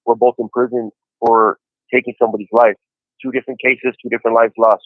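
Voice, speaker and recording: Over a tinny prison phone line, a man in his forties chats casually with a podcast, relaxed as he tells his story and leaning on "you know." His medium-pitched voice is flat and quick-paced. The handset recording is dry.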